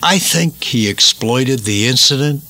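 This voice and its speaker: Bright-voiced man preaching emphatic commentary. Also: mid-range voice, expressive, unhurried. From United States. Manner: emphatic, repeats words for stress, rising indignation.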